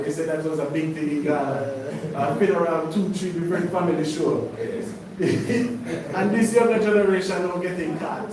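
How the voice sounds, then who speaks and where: A man's voice: high voice, moderate pace, background noise. Preaching man, echoey room, far off. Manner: preaching with call-and-response questions. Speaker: teacher of a congregation. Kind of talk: sermon-style Bible study. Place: congregation hall.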